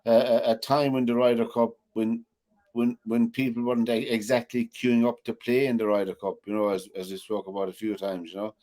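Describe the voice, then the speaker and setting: A man's voice: mid-range voice, flat delivery, brisk, warm tone. A man co-hosting a sports chat show, talking casually and rambling with lots of "you know". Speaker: co-host.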